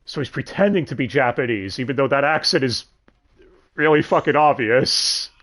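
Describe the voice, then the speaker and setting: A man hosting a casual livestream chat, animated, swearing freely and laughing often. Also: medium pitch, moderate pace. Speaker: podcast host.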